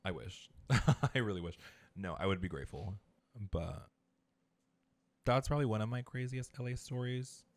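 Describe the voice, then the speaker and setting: A man's voice: fairly low pitch, normal speed, long pauses. A man co-hosting a podcast, telling stories in casual chat, chatty and full of fillers. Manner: chatty storyteller, filler-heavy. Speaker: podcast co-host.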